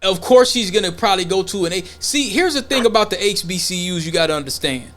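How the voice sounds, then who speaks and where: A man's voice: high-pitched, quick pace. A man co-hosting a podcast in casual opinion talk, blunt and profane, acting out imagined dialogues as he goes. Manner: animated, acts out imagined dialogues. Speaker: podcast co-host.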